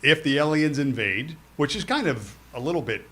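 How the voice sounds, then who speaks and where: A man's voice: fairly high pitch, animated, moderate pace, fairly bright tone. Playful man co-hosting a sports show. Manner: storytelling with hypotheticals, playful. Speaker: co-host. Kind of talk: casual sports talk.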